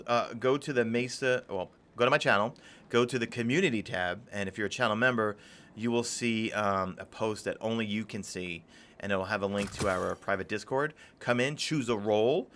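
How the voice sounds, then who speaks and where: A man's voice: medium pitch, expressive, normal speed, fairly bright tone. A young adult man streaming a game live, chatting casually in a rambling way and greeting viewers from chat. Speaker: gaming streamer.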